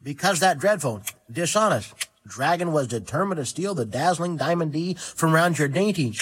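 A man's voice: on the high side, lively intonation, normal speed, fairly bright tone, slightly rough. Man reading as a stately doting duke. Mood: fond. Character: dignified doting father, a duke. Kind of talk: storybook reading.

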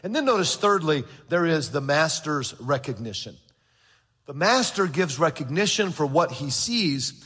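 A man's voice: on the high side, very animated, moderate pace, a bit bright, slightly rough. A man preaching a sermon as pastor of a church, earnestly repeating words as he goes and acting out the voices in the stories he tells. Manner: acts out quoted voices in storytelling. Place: large church sanctuary. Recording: long reverb of a large hall.

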